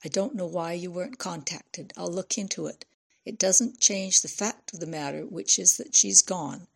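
A woman voicing a senior nurse who speaks calmly and officiously, with a slight fry in her voice. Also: fairly low pitch, moderate pace. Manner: soothing but officious.

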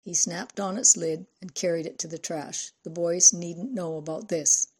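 A woman reads a novel aloud in an even, steady storytelling manner. Her voice is fairly low and has a husky, breathy grain. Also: normal speed. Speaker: audiobook narrator. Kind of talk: scripted narration.

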